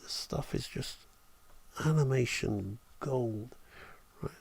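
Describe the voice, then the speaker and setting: A man's voice: mid-range voice, slow, gravelly, a little mellow, breathy edge. A man teaching animation on a live stream, enthusiastic and thinking aloud as he draws. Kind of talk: live-streamed drawing tutorial.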